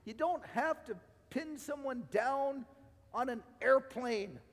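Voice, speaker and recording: A male pastor preaching a sermon, using repetition and swinging between loud and quiet phrases, his voice going hoarse. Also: very high voice, takes it slowly, long reverb tail. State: losing his voice. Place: church sanctuary.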